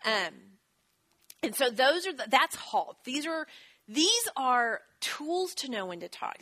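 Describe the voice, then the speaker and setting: A woman, teaching a church marriage class in a chatty, self-deprecating way with quick asides. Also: high voice, sing-song, pushed and bright. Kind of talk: teaching talk with scripture.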